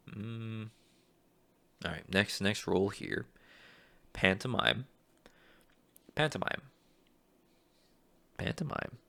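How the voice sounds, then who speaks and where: A man who wants to be a voice actor, reading casting calls aloud and thinking out loud in an unsure, rambling way. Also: lowish voice, gravelly, dry recording. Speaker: aspiring voice actor.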